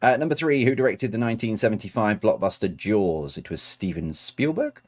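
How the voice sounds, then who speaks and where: A man's voice: lowish voice, animated, a little fast. A man reading out quiz answers as host, adding chatty, self-correcting asides.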